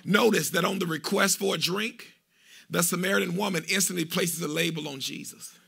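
A man preaching a fiery sermon in a church, half-singing and shouting his phrases and repeating call-and-response refrains. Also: high-pitched, a little fast, vocal fry, breathy edge. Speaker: pastor. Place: church sanctuary.

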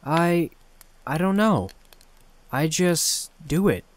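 A man's voice: on the high side, sing-song, slow, pitched above the performer's own voice. A man voicing a rambling teen boy genius. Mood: excited. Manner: eager, rambling, boastful. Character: excitable teenage boy inventor, brother.

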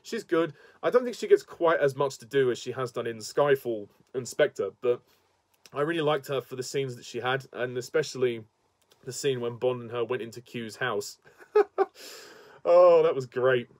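A man's voice: mid-range voice, normal speed, dry recording. Chatty man reviewing films. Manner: chatty and enthusiastic, laughs often. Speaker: film reviewer. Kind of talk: casual spoken movie review.

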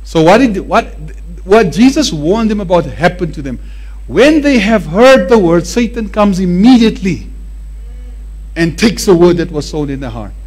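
Animated high-voiced male preacher. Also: normal speed. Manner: animated, emphatic, repeats words for effect. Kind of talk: sermon.

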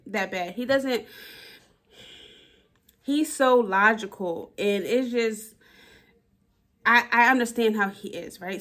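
A woman vlogging candidly about her relationship, emotional and blunt, swearing and repeating herself for emphasis. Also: on the high side. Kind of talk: personal vlog, talking to camera.

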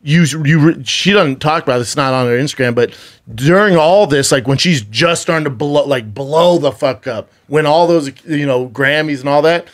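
A man on a podcast spins a long, run-on story in a fairly high voice, swearing casually as he goes. His delivery is animated and loose, and he piles on "like" and repeats himself as he builds it. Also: normal speed. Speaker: podcast co-host.

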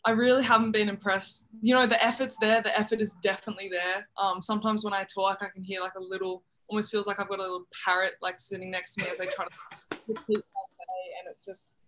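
A young adult woman with an Australian accent, chatting in a relaxed way during an interview over a video call. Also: medium pitch, fast, slight background noise. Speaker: college basketball player. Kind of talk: casual interview chat.

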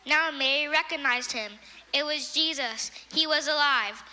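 Bright high-voiced woman telling a children's story. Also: unhurried, big-room sound. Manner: simple, clear storytelling. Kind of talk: Bible story read to children. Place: church.

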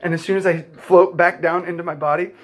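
Young guy a bit high-voiced, earnest rambling vlog talk, says like a lot. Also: level tone, fairly quick, breathy edge. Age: young adult. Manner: heartfelt, rambling, many "like" fillers. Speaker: vlogger. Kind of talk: earnest personal storytelling.

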